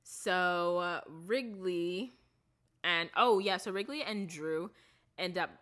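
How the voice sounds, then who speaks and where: A woman vlogger recapping a TV series in casual, rambling chat, full of fillers and restarts, softening her voice on the sad parts. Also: on the low side, slow pace.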